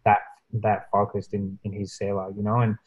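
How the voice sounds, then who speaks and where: A man telling a story in casual chat, rambling and filling pauses with "you know" and "like", growing animated as he recounts it. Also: highs cut off. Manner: animated when recounting, pitch jumps up.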